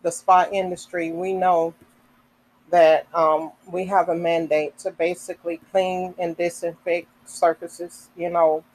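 A woman hosting a podcast, reading health information aloud slowly, with casual asides, fillers and the odd self-correction. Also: lowish voice, little pitch movement, a little mellow, slight background noise, rough recording. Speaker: podcast host.

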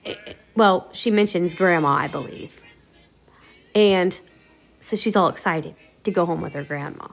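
A woman's voice: lowish voice, unhurried, gravelly, breathy edge, faint music behind. A woman podcast host casually retelling a radio episode in a rambling, conversational way. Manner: rambling, conversational, many "you know" fillers.

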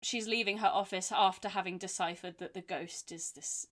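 A young woman co-hosts a relaxed film podcast. She tells the story with playful, theatrical flair, building jokes as she goes. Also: mid-range voice, normal speed. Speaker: podcast co-host. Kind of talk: casual film review chat.

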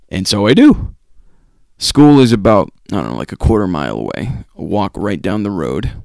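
Rambling young man, low voice, distant mic. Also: very animated, moderate pace, gravelly, a little mellow. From Massachusetts. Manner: rambling, self-mocking, many ums and restarts. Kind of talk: casual storytelling chat.

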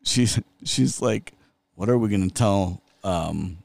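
Slow, laughing man on a podcast. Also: on the low side, vocal fry, a little mellow, no echo. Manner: laughs often, slow and halting with restarts. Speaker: podcast co-host. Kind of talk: casual podcast chat.

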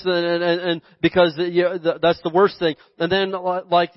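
High-voiced folksy pastor preaching. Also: male voice, moderate pace, no room sound, dull audio. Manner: folksy and joking, acts out quoted voices. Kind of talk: casual conversational sermon.

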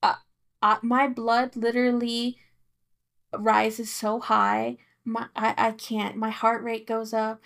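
Emphatic young woman co-host. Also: on the high side. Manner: emphatic, insistent, with repeated restarts. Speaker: podcast co-host, daughter. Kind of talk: casual chat.

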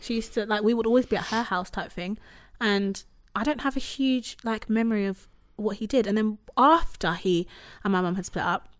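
A woman's voice: medium pitch, normal speed, hardly any pauses. Candid woman telling a story. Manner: candid, animated storytelling with frequent "like" and "you know". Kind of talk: casual conversation.

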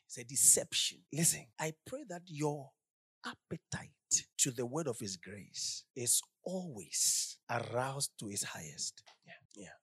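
A woman preaching a sermon in a church into a handheld microphone, shouting some lines and dropping to hushed asides, firing repeated questions at the congregation. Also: very deep voice, big pitch swings, unhurried, breathy edge. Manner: emphatic, swings from loud shouts to hushed asides. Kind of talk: sermon with congregation call-and-response. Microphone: handheld microphone held at the lips.

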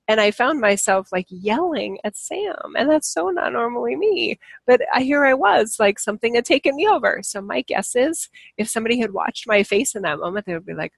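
A woman talks casually to her live viewers in a voice with a gravelly edge. She rambles and restarts her sentences, often laughing at herself. The sound is close and dry. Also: a little high, no echo. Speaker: livestream host.

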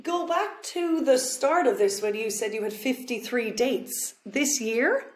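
Bright-voiced woman hosting a podcast. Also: fairly high pitch, lively intonation, unhurried. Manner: reacting with short exclamations and quips. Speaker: podcast host. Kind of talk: casual interview chat.

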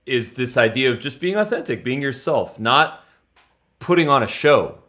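A man hosting a podcast interview, asking questions in a relaxed, reflective way. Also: medium pitch, moderate pace. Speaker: host.

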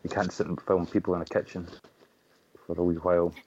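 A Scottish man with a fairly low voice chats easily as a guest, joking at his own expense and stumbling through restarts. The sound is a little muffled and lo-fi. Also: little pitch movement, fairly quick, darkish tone, a little hiss or hum. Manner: chatty, self-deprecating, many restarts. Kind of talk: casual chat.

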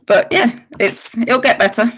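Animated woman telling a story. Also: on the high side, unhurried, breathy edge. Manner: animated, acts out quotes, laughs often. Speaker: podcast guest. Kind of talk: casual storytelling chat. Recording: lo-fi podcast audio.

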